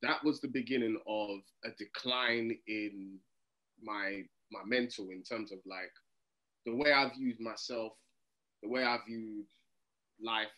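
Animated London man telling stories. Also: fairly low pitch, unhurried, dull audio. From England. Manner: animated storytelling, acts out quoted voices. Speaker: comedian guest. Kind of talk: casual interview chat.

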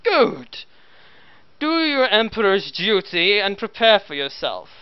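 A man voicing a harsh, shouting male Commissar who barks bullying orders. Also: sits high, big pitch swings, takes it slowly, clean tone, dry recording, pitched above the performer's own voice, heavily acted. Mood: menacing. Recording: dull lo-fi voice chat.

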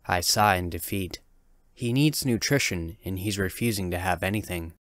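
A man with a low voice reads a first-person horror story in a calm, measured way. His delivery is steady and deliberate. The recording is dry, with no room sound. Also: no echo. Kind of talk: scripted horror narration.

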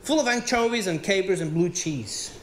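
A man with a Venezuelan accent performs stand-up comedy on a theater stage before a live audience, telling stories animatedly and acting out the dialogue. His voice sits high, with lively intonation at a moderate pace. The recording is roomy, with audience noise from the live venue.

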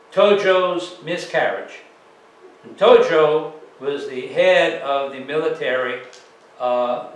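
A man giving a slide presentation to an audience, telling it in an unhurried, folksy way with plenty of fillers. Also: medium pitch, slight background noise. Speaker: author giving a library talk. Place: public library meeting room. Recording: roomy, distant mic with faint ambience.

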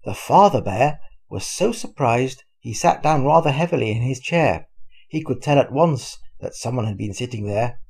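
An older man, a grandfather, reading a children's storybook aloud in a lively, expressive way. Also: mid-range voice, normal speed, creaky, slightly rough.

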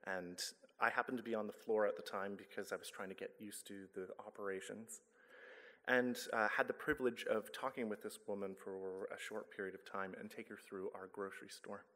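A man's voice: on the low side, fairly even intonation, brisk, sharp tone. A man giving an earnest, conversational talk to a church congregation, telling a personal story with some stumbles and self-corrections. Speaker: guest speaker, charity director. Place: church sanctuary. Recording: long reverb of a church hall.

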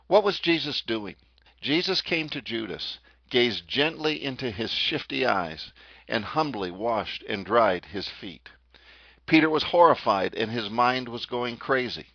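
A man preaching a sermon, retelling scripture as dramatic storytelling and slowing down on key phrases. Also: mid-range voice, animated, a bit bright, no room sound. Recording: dull, dry lo-fi recording.

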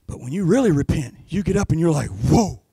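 A man preaching a Pentecostal sermon in church, swinging from hushed asides to impassioned shouted peaks. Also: a little high, expressive, fast talker, creaky, breathy edge, no room sound. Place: church sanctuary.

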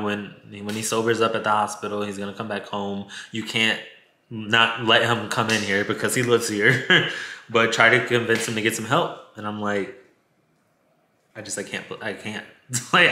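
A man with a very bright, sharp-edged voice tells a personal story to his viewers, candid and emotional and quick to swear. His words bounce around an echoey room. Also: fairly low pitch. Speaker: storytime vlogger.

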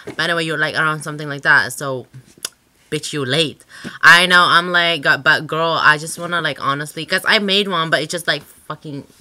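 A woman's voice: low voice, bright, forceful tone. A woman hosting her own channel in a casual vlog chat, rambling and sassy, swearing freely with lots of filler words. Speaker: channel host.

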